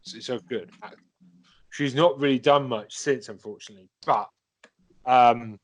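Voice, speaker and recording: A man's voice: medium pitch, normal speed, no room sound. A man chatting casually as a podcast co-host, rambling with many fillers and swearing freely. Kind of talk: casual chat.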